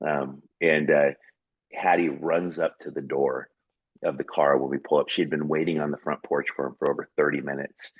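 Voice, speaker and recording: An earnest man recounts a family memory as a podcast guest, rambling and full of fillers. His voice sits extremely low and comes out husky and breathy. The recording is dry and close. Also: flat delivery, normal speed, no echo, poor audio. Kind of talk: personal storytelling in conversation.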